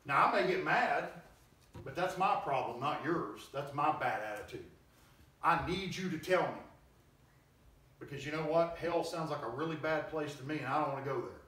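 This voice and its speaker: A man's voice: fairly high pitch, expressive, normal speed, sharp tone. A male preacher giving an emphatic, conversational sermon and acting out quoted voices, recorded in a church hall. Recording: very echoey hall, distant mic, faint noise.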